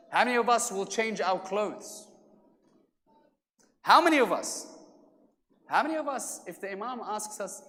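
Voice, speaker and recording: A man's voice: high-pitched, expressive, moderate pace, long pauses, pushed and bright. A man delivering a religious lecture, telling a story and acting out its dialogue with shifting volume. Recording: long hall reverb.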